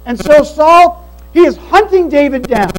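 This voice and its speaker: Preacher, male, very high-pitched, earnest emphatic sermon delivery, faint hum on the recording. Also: animated, measured pace, poor audio. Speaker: pastor. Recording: mains hum behind the voice.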